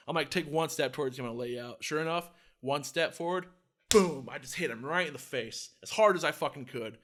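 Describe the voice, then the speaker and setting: Fast-talking animated young man. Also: a little high. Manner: animated storyteller, acts out quotes, heavy filler "like", swears a lot. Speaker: podcast co-host. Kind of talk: casual chat.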